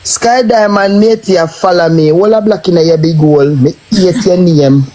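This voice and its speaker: A man's voice: high voice, normal speed, warm tone, low-quality recording. A man with a Jamaican accent, ranting and taunting in a cursing live stream tirade.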